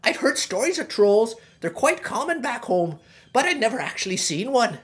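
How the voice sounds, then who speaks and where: A man's voice: very high-pitched, very animated, normal speed, a bit bright, voice pushed up, heavily acted. A man voicing a cheerful male Irish farmhand who spins folksy, rambling comic yarns in an Irish accent. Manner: folksy, rambling yarn-spinner. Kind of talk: comic storytelling monologue.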